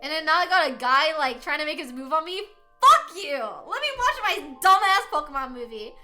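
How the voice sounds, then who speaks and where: A young adult woman streamer telling a story to her chat in a casual, animated way, laughing often and swearing freely. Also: high-pitched, brisk, faint music behind. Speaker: livestreamer.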